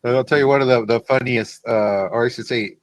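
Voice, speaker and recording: A man's voice: mid-range voice, fairly even intonation, a little fast, no echo, poor audio. A man chatting and joking on a casual podcast panel.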